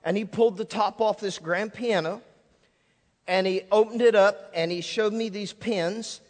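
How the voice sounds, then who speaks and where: A male pastor delivers a sermon from a church stage in a fairly high voice. He tells stories with imitated sound effects. His voice rings out with a long reverb through the hall. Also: normal speed. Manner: lively storytelling with sound effects. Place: church sanctuary.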